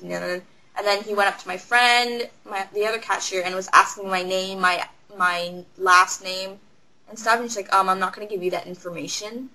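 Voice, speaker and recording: A young woman with a bright, forward voice tells work stories in a casual vlog. She rambles and slips into quick impressions of the customers she quotes. Her pitch sits in a middle range for a woman. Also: poor audio. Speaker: retail cashier.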